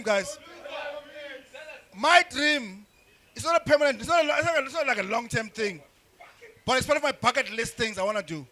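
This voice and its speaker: A young man doing crude, rambling stand-up comedy with frequent restarts and shouted bursts. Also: extremely high pitch, normal speed, long pauses. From South Africa.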